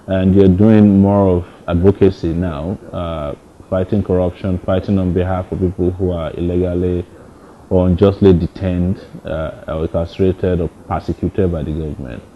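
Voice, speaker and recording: Very low male voice asking careful questions, sound kinda muffled w faint hiss. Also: level tone. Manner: measured, probing questions. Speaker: interviewer. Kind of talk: interview questions.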